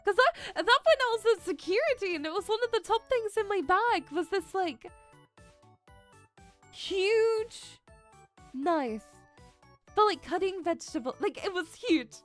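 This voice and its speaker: Very high-pitched animated young woman streamer. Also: a little slow, long pauses, faint music behind. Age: young adult. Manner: animated storytelling, laughs often, dramatic. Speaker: VTuber streamer. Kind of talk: casual chat to stream viewers.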